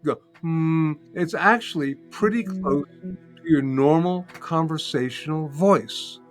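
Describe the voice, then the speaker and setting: An older man teaching as a guest in an interview, calmly explaining and demonstrating a humming practice step by step. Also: a little high, a little slow, faint music behind. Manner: calm, patient, repeats steps and demonstrates by humming. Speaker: sound healing teacher, guest. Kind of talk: guided instruction in an interview.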